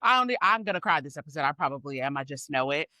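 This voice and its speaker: A woman who hosts a podcast and works as a coach speaks in a deep voice at a racing pace, on a dry recording. Her upbeat chat is effusive and gushing, excited and emotional, as she addresses her listeners directly as "y'all" and "squad."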